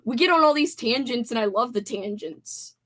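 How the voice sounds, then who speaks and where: A woman's voice: fairly high pitch, animated, normal speed, a bit bright. A young woman hosting a livestream, chatting casually in a bubbly way and laughing easily. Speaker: livestream host. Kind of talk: casual chat.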